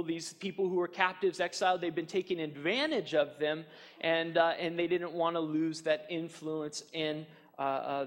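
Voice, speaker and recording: A man preaching a sermon as pastor, earnest and emphatic, often repeating his points. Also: on the high side. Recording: long hall reverb.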